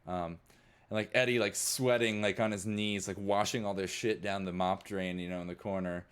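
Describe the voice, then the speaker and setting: A man's voice: on the low side, fairly even intonation, normal speed, clean tone. A young man narrating as game master, rambling with lots of fillers. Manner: rambling, many fillers like "like" and "you know".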